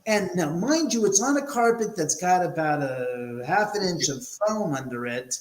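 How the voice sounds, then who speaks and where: Animated, swearing storyteller man, roomy sound. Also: sits high, moderate pace. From Los Angeles, USA. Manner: animated, swears freely, acts out quotes. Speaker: guest, paranormal house owner. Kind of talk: casual storytelling.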